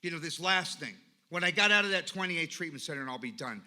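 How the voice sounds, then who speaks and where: Male speaker, recovery-meeting share. Bright, tense tone, slightly high pitch. Emphatic storyteller. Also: expressive, fast. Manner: emphatic storytelling with lists and repetition. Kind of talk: personal recovery talk.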